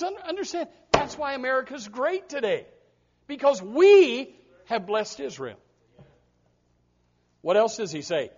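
High-voiced emphatic male preacher. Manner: emphatic, repeats words as he restarts. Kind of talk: sermon. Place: church before a congregation. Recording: dull lo-fi recording.

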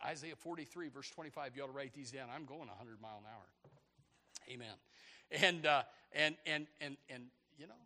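A man preaching a sermon in a church, rambling and excitable, with many restarts and sudden shouted bursts. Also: on the high side. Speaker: pastor. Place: church sanctuary. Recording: long hall reverb.

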